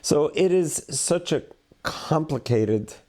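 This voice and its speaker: A male rabbi and host speaks very slowly and deliberately as he explains a clip. His voice is mellow and warm, and he lays out each point with care. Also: fairly high pitch, expressive. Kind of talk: reflective commentary on a clip.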